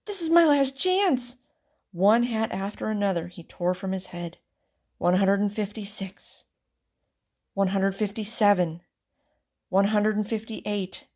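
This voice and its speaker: A woman reading a children's storybook aloud with expressive, theatrical narration. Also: mid-range voice, a little slow, pauses often. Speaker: storybook reader.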